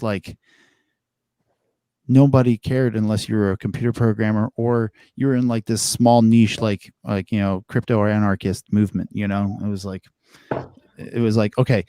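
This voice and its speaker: A man's voice: lowish voice, no room sound. Rambling casual male stream host. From Philadelphia. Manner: rambling, filler-heavy, animated. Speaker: host and developer. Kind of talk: casual livestream chat.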